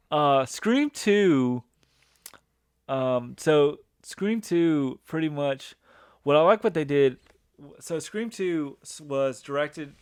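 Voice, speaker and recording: Smooth-voiced man hosting a casual podcast. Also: medium pitch, no room sound. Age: 30s. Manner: rambling, with many restarts and fillers. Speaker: podcast host. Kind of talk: casual chat.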